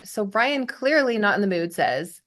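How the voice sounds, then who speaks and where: A young adult woman hosts a casual podcast and recaps a TV episode. She talks in a chatty way with giggly side comments, and her voice sits at an ordinary middle pitch. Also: big pitch swings, unhurried, a bit bright, slight background noise. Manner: chatty, giggly, narrates plot with asides. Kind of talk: casual chat.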